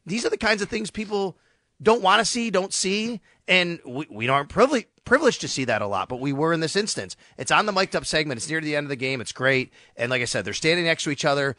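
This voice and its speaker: Sports radio talker, male, crisp bright tone, animated storyteller, close dry mic. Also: fairly high pitch, no echo. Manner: animated, storytelling with quoted asides. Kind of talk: casual sports radio chat.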